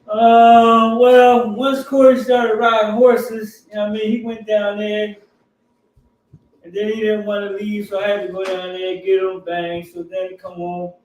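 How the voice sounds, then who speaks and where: A middle-aged man, a guest, telling casual anecdotes in an animated, fast-running way. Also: sits high, far from the mic, a little hiss or hum. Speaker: guest, riding club family member. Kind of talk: casual storytelling. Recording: roomy, off-mic.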